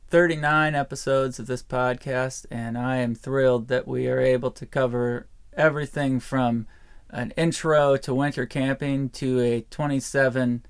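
A man co-hosting a podcast, talking in a reflective, measured way. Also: medium pitch, clear, resonant tone. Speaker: podcast co-host. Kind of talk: casual podcast chat.

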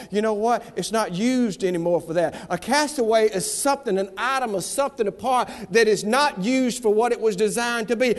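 A man from the American South preaching a fiery revival sermon in a folksy manner, swinging between shouts and hushed asides, in a church. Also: very high voice. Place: church sanctuary. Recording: long reverb of a large hall.

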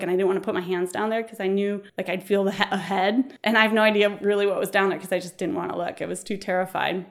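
Woman, thirties, casual storyteller, animated delivery with laughs and quick voiced-out quotes. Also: mid-range voice. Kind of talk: personal birth story, casual telling.

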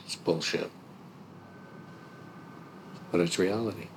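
An actor playing a stern male police superintendent who lectures in a measured way. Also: deep voice, noisy background. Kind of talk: film dialogue.

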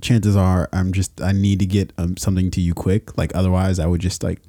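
A man with a somewhat low, dark voice hosts a relaxed podcast conversation. He talks in a laid-back way and laughs easily. The sound is close and dry, with no room echo. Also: a little fast. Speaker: podcast host. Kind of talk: casual chat.

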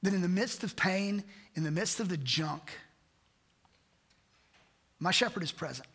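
A man's voice: high voice, expressive, a little slow, a bit bright, breathy edge. A man pastor preaching a sermon, earnest and repetitive, asking rhetorical questions. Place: church sanctuary. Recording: church hall reverb.

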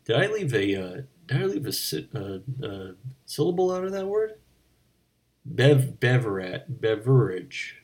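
A man hosting a comedy bit as a bartender, rambling in a deadpan way with slips and restarts. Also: medium pitch. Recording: voice a bit distant from the mic.

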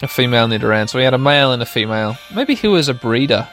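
A man's voice: mid-range voice, lively intonation, very fast, a bit bright, faint music behind. A man hosting a podcast while playing a video game, chatty and self-mocking, talking straight to his listeners and laughing often. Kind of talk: casual let's-play commentary.

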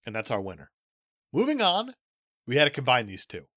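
Man, podcast co-host, bright tone, lively pitch, sarcastic jokes, a bit tipsy, dry close mic. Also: a little fast, no echo. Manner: jokey, laughs often, sarcastic. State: slightly tipsy. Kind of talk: casual comedic chat.

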